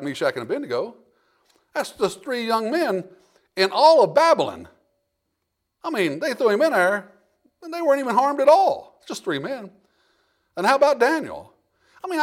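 High pitched guy preaching, chatty sermon, lots of restarts. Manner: conversational preaching with frequent restarts and acted-out quotes. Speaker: pastor.

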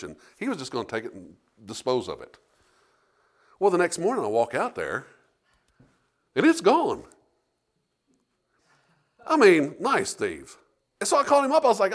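Lively preaching man, animated pitch. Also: normal speed, pauses often. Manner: lively preaching with call-and-response amens. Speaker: pastor. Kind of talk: sermon with storytelling.

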